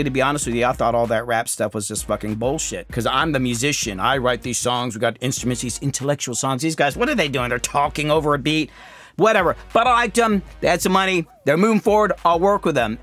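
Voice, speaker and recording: A middle-aged man with a slightly raised voice tells candid, self-deprecating stories from his years as a music producer. He lifts into animated bursts, then drops low and hushed when he reflects. The recording is close and dry, with no room sound. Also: dry recording. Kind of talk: candid storytelling monologue.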